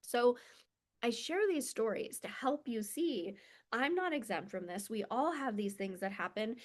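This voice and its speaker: Earnest, slightly high-voiced woman confiding. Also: lively intonation, a little slow. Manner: earnest and confessional, with many "like" fillers. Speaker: spiritual self-development coach. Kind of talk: casual reflective monologue.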